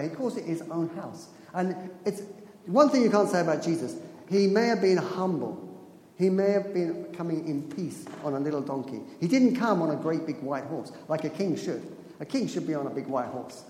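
A man preaching a sermon, telling stories in an animated way and laughing at his own asides. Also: sits high, moderate pace. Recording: echoey hall with long reverb.

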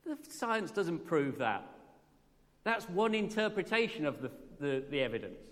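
This man's voice sits on the high side, swings widely in pitch and runs a little slow. He is preaching a morning sermon in church, earnest and conversational, often asking the congregation questions, with long church-hall reverb around him.

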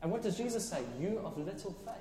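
Man, preacher, sermon, passionate, exclaiming, high voice, roomy echo. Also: fast, warm tone. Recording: echoey hall, faint ambience.

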